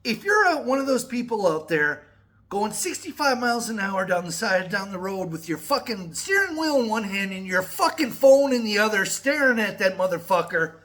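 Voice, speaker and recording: Middle-aged male vlogger, profane rambling ranter, bright and animated delivery. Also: high-pitched, moderate pace. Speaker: metal music YouTuber. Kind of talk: casual to-camera vlog rant.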